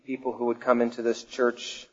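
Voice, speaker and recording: A man's voice: medium pitch, completely flat delivery, breathy edge. Emphatic preacher man in a dull echoey hall. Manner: emphatic preaching, swinging between loud declarations and hushed, slow questions. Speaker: pastor. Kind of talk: sermon.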